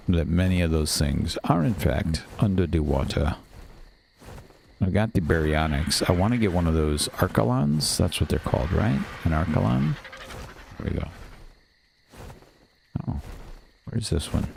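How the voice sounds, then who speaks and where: A man with a very low, gravelly voice narrates his game as he plays, thinking out loud and grumbling when things go wrong. There is a faint hiss of noise under the recording. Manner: muttering to himself, quick to get frustrated and swear. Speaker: gaming channel host. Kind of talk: casual gameplay commentary.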